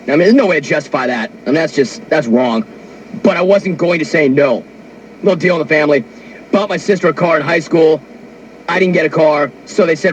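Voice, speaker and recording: A man's voice: a little high, fast talker, slightly rough, highs cut off. A man hosting a talk radio show, telling a story in a brash, wisecracking monologue into a studio mic. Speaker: sports radio host.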